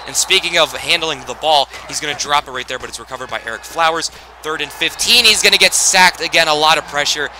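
A young man narrating a football video game in casual play-by-play style, getting excitable on big plays. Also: mid-range voice, background noise. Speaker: gaming channel host.

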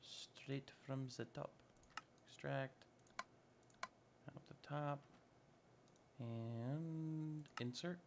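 A man's voice: medium pitch, extremely slow, pauses often, background noise. A man giving casual, upbeat commentary while playing a modded block-building game, chatting to himself as he builds. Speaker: Minecraft modpack let's-play host.

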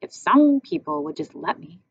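Woman playing a stubborn young boy, grumpy, defensive, slightly husky fry, muffled audiobook sound. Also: mid-range voice, very animated, moderate pace. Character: restless young boy, stubborn and easily annoyed. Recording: muffled with faint hiss.

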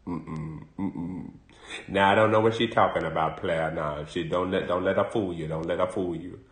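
A man's voice: sits low, steady tone, moderate pace, roomy sound, voice pushed down, lightly acted. A man voicing a shifty, evasive grown man who mumbles his denials.

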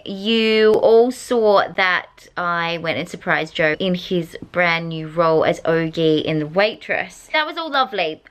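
A young Australian woman vlogs from a small indoor room, her mid-range voice a bit bright. She chats casually to camera, bubbly and giggly.

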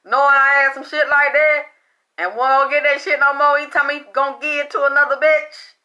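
Woman doing a tarot reading, high sharp voice, cusses a lot, laughs through it. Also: steady tone, fairly quick, dull audio. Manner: chatty, profane, breaks into laughter. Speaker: tarot card reader. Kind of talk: casual spiritual reading monologue.

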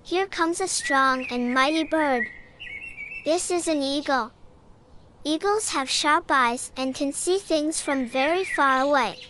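Woman, high voice, unhurried, scripted children's narration, encouraging, invites kids to join in. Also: a little hiss or hum. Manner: bright, encouraging, asks the listener to join in.

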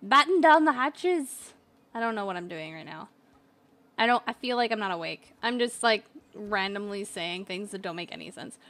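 A woman's voice: mid-range voice, fairly quick, a bit bright. A woman hosting a gaming channel, chatting casually and playfully over gameplay with lots of giddy exclamations.

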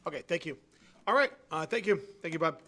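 A man chairing a city council meeting, briskly calling up and prompting speakers. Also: fairly high pitch, lively intonation, bright, forceful tone. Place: council chambers.

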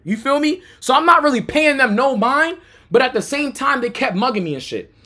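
A young American man who streams, telling a personal story in a loose, profane way, going from low mutters to shouts. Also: sing-song, fairly quick. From United States. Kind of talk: storytime chat.

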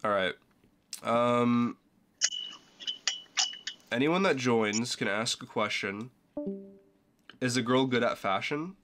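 A man hosts a loose, joking live stream and reads viewer comments aloud to his friends in the call. His pitch sits at an ordinary middle level. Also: takes it slowly, long pauses, over loud music. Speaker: streamer host. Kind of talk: casual stream chat.

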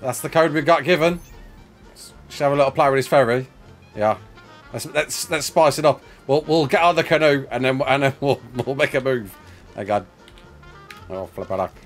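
A man's voice: medium pitch, normal speed, long pauses, soft background music. A man hosting a casual gaming session, playful and laughing, calling his co-player mate. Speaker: gaming video host.

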